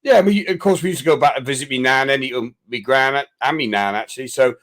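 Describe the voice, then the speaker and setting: A man's voice: mid-range voice, quick pace, a bit bright. An older man from London with a London accent mixed with West Country, chatting casually as a guest, laughing often as he tells stories. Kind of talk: casual chat.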